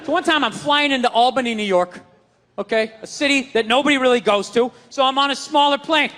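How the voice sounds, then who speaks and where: A man doing a stand-up routine on stage, ranting and shouting with lots of profanity. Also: very high voice, a little fast, in a large hall. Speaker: stand-up comedian. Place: comedy stage with live audience. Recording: live crowd audio with noise.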